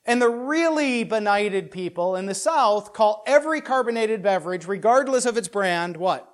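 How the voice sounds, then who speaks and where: A man with a notably high voice teaches a Bible passage in a loose, talky way. He keeps checking in with his listeners and tosses in dry jokes. He often stumbles and repeats words as he works through his thoughts. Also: expressive, a little slow. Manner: keeps checking in with "right?", with joking asides.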